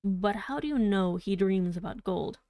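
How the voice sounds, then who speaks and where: A woman reading the lines of a polite, curious gentleman narrator who asks questions in a formal way. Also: medium pitch, animated, normal speed, no room sound, natural voice. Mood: inquiring. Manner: formal, inquiring. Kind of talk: audiobook reading.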